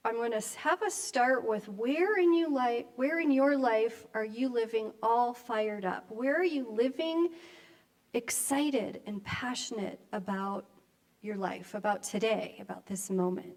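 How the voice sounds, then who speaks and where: Older woman minister, slightly high voice, easygoing conversational sermon in a church. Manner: warm conversational preaching with reflective pauses. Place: church sanctuary.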